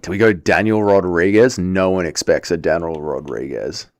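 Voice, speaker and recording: A young man live-streaming, chatting casually and excitably while he plays, swearing and reading chat aloud. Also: low voice, normal speed. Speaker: livestreamer.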